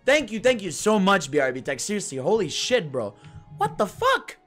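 A live game streamer chatting with viewers, excitable and profane, often shouting in disbelief. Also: medium pitch, normal speed, soft background music. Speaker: livestreamer. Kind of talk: live gaming stream chat.

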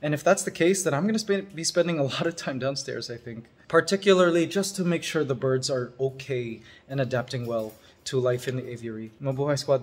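A man from Canada in his thirties, vlogging casually from his farmhouse and gushing to his viewers with excitement and emotion. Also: medium pitch, a little fast, hardly any pauses, soft background music. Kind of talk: casual vlog. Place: farmhouse under construction.

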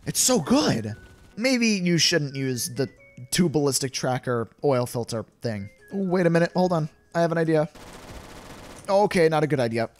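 A man's voice: on the high side, lively intonation, normal speed. A young man giving playful gameplay commentary, laughing often as he reacts. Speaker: gaming YouTuber. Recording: game music playing faintly behind.

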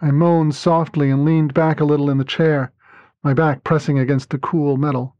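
A man narrating a first-person story as a podcast reader, calm and even. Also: fairly high pitch, moderate pace, no echo. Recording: dull lo-fi dry recording.

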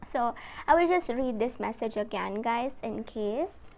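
A woman's voice: on the high side, lively intonation, unhurried. Emotional woman doing a tarot reading. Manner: soft, emotional, addresses viewers directly. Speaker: tarot reader.

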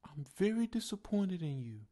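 A man voicing a towering male band teacher who is stern yet encouraging, in a breathy, hushed and drawn-out way. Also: sits high, sing-song, voice pushed up. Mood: disappointed.

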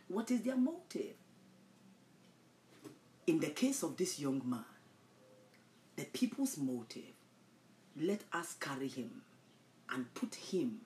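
A woman preaching a sermon, dropping to hushed whispers and rising to loud, impassioned shouts. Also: on the low side. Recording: echoey room.

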